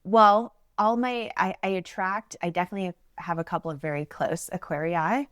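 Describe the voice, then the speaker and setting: Woman, low-pitched, bubbly and chatty, casual podcast talk, dry close mic. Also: moderate pace, a bit bright, smooth, dry recording. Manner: bubbly, chatty, laughs often, many fillers.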